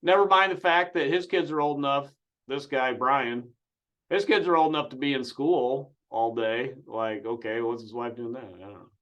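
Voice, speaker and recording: A man's voice: mid-range voice, moderate pace, a bit bright, highs cut off. A man giving sarcastic, incredulous reaction commentary on a call-in clip.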